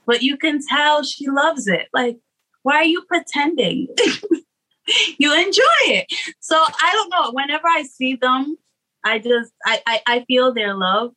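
A woman's voice: high-pitched, animated, a little slow, pushed and bright, poor audio. A young woman singer, a guest, chatting casually and hesitantly, with many restarts and fillers. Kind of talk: casual interview chat.

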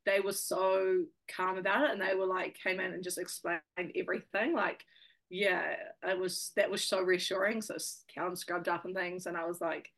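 A woman's voice: lowish voice, fairly even intonation, moderate pace, vocal fry, a bit bright. A young woman with a New Zealand accent, a guest chatting casually in an interview, full of fillers and laughs.

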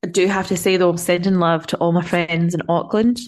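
A woman's voice: lowish voice, flat delivery, a little fast. Tired, chatty woman podcast co-host. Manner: chatty, giggly, swears casually. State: tired from travel. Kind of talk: casual chat.

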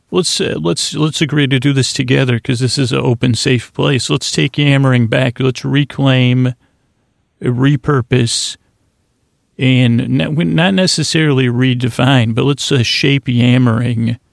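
A man hosting a bedtime podcast, rambling in a creaky, self-deprecating, meandering way with lots of fillers. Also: mid-range voice, no room sound, studio quality. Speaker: podcast host.

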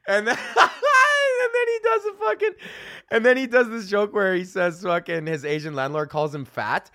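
A man's voice: a little high, sing-song, brisk, bright, forceful tone, no echo, studio quality. A man hosting a comedy podcast, telling a rambling, profane story with frequent laughter. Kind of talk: casual storytelling rant.

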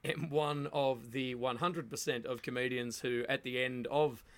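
A man's voice: mid-range voice, steady tone, unhurried, fairly bright tone. A man guesting as a comedian on a podcast, telling rambling, self-mocking stories.

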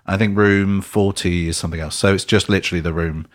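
A man's voice: low voice, steady tone, quick pace, no echo, studio quality. A man co-hosting a podcast, explaining things in a chatty way with hedging asides. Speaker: podcast co-host. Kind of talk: casual chat.

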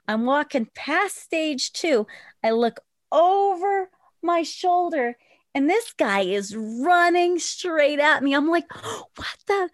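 A woman guest on a podcast, telling a story in an animated way and swearing freely. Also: high-pitched, no echo, studio quality.

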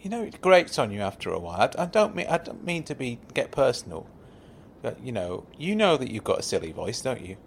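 A man's voice: mid-range voice, sing-song, brisk, vocal fry, a little hiss or hum. Stammering, apologetic man in an audio sitcom. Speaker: comic performer.

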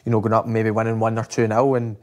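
A man's voice: on the low side, little pitch movement, fast, a little mellow. Chatty Scottish man telling stories. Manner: rambling, repeats words, full of fillers. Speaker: interview guest, footballer. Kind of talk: casual storytelling chat.

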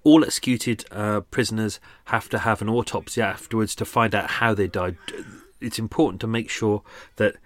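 A man's voice: lowish voice, fairly even intonation, moderate pace. A man hosting a true crime podcast, rambling casually with many fillers and restarts, a little out of breath. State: slightly out of breath. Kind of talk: casual unscripted narration.

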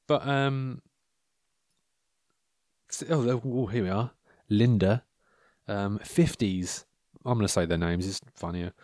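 A man's voice: fairly low pitch, slow pace, long pauses, darkish tone, dry recording, clean studio sound. A man hosting a casual monologue, reading out personal ads with wry, rambling commentary into a microphone. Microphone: handheld or desk microphone.

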